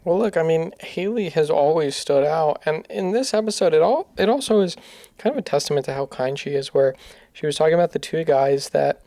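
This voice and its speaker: A podcast co-host in casual chat, curious and quick with questions. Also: medium pitch, expressive, warm tone, dry recording, clean studio sound. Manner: curious, keeps asking questions.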